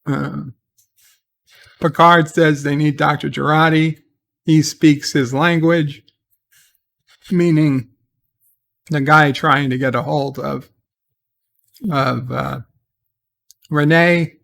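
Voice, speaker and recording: A man's voice: on the high side, steady tone, takes it slowly, creaky, long pauses, fairly bright tone. A man giving a casual spoken recap of a TV episode, rambling and hesitant with lots of fillers and sarcastic, exasperated asides. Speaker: TV episode reviewer.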